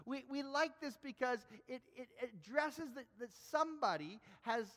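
Male preacher with a high voice, earnest sermon delivery that doubles back on words, recorded with a long hall echo. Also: lively intonation, normal speed, a bit bright. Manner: earnest, repeats words as he builds each point.

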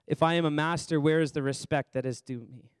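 A man's voice: fairly high pitch, fairly even intonation, brisk, clear, resonant tone, dry recording. A man preaching a sermon as pastor in a church service, chatty and conversational, quizzing the congregation by name and repeating phrases for emphasis.

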